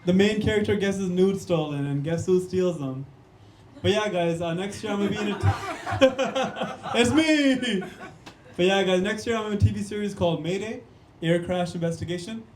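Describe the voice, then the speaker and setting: A young Canadian man does a punchy stand-up set on a club stage, talking straight to the crowd and repeatedly calling them "guys" and "man." His voice is high-pitched and darkish at normal speed, in an echoey room with slight background noise.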